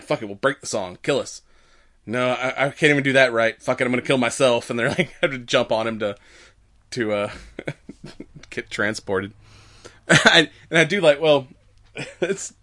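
A man's voice: mid-range voice, fairly bright tone. A man co-hosting a podcast, casually recapping a movie in a rambling way, laughing often and acting out the characters' lines. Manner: rambling, laughing, swearing, acts out quotes. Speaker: podcast co-host.

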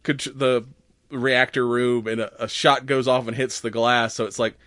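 A man's voice: mid-range voice, little pitch movement, normal speed, fairly bright tone, no room sound, studio quality. A man in casual podcast chat who laughs often and swears while retelling movie scenes with animation. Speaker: podcast co-host.

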